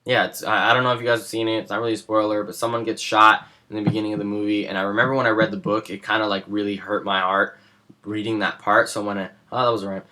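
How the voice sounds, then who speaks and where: A man's voice: on the low side, little pitch movement, fast talker, pushed and bright. A young man in a casual vlog, talking with rambling enthusiasm about his favorites. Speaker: movie vlogger. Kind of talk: casual chat.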